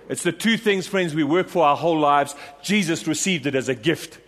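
A man's voice: a little high, brisk, a bit bright. A man preaching a sermon, emphatic and repetitive, rallying his congregation with questions and refrains. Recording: long reverb of a large hall.

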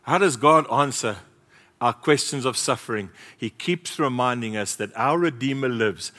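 Passionate preacher in a hall. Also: male voice, mid-range voice, moderate pace. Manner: passionate, swings from loud exclamations to soft asides. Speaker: pastor. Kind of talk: sermon. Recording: long reverb of a large hall.

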